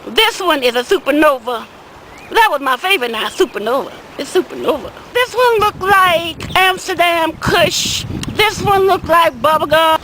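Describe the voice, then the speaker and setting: A woman's voice: very high voice, lively intonation, moderate pace, bright, forceful tone, slight background noise, heavily acted, rough recording. A woman playing an older man who tells a rambling comic story, repeating little words like "see" and "I said" as he goes. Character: older Southern man, rambling small-time weed seller. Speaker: comic character monologue. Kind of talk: comedic storytelling in character.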